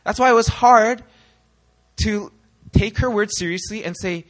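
A young man from the United States preaching a sermon, animated and throwing rhetorical questions at the congregation. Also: high voice, measured pace.

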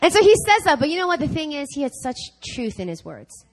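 A woman preaching a conversational sermon, telling a personal story with laughs and lively asides. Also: sits high, fast, soft background music, low-quality recording. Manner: animated, laughing, chatty with fillers. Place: church service.

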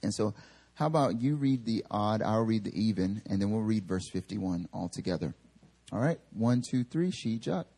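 Male pastor, husky tone, chatty sermon storytelling, lots of acted-out quotes. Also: fairly low pitch, moderate pace. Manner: animated storyteller acting out quotes; casual filler-heavy delivery. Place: church service.

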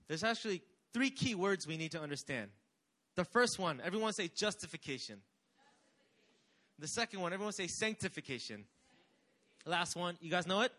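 Lively bright-voiced young male preacher. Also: high voice. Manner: energetic, call-and-response with the congregation. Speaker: pastor. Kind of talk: sermon.

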